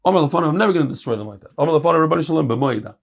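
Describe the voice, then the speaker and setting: A middle-aged man, a rabbi teaching a Talmud lesson, reading Hebrew and Aramaic passages and explaining them in English with lively emphasis. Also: racing, creaky. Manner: animated, jumps in pitch and volume for emphasis.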